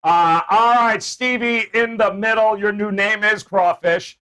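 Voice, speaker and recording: A man's voice: sits high, fairly even intonation, unhurried, bright, forceful tone, smooth. A man hosting a sports betting show, joking and hyping up his panel with playful banter. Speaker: host.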